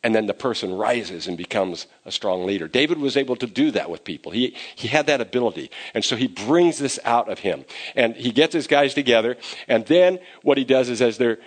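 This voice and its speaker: Animated conversational male pastor. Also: medium pitch, brisk. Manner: conversational, animated when acting out scenes. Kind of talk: sermon.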